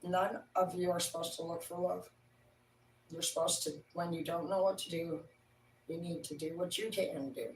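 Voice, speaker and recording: A woman's voice: on the low side, steady tone, normal speed, far from the mic, slight background noise. A woman hosting a livestream talks in a loose, rambling way, swearing freely as she lectures. She sits back from the mic, and her voice bounces around a roomy space. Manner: profane, rambling, preachy. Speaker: livestream host. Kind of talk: casual rambling monologue.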